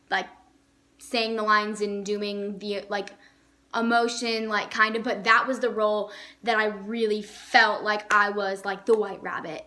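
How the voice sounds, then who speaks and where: Enthusiastic young woman with bright tone. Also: mid-range voice. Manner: enthusiastic, with frequent "like" fillers. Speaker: vlogger. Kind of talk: casual chat.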